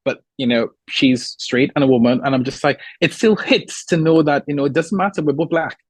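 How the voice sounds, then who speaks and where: A man talks as a podcast guest, slipping into the voices of the people in his workplace stories. His voice is husky and breathy. The sound is close and dry, with no room around it. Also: on the high side, brisk, dry recording. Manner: animated storyteller acting out quoted people. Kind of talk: casual interview chat.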